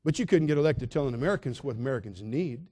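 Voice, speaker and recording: A male pastor delivering an emphatic, repetitive sermon, dropping soft and then building loud. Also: mid-range voice, lively intonation, fast.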